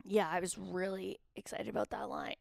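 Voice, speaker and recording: A woman's voice: medium pitch, moderate pace, gravelly, no room sound, clean studio sound. A woman hosting a comedy podcast in casual chat, laughing often and slipping into sung bits. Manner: giggly, breaks into sung snippets. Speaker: podcast host.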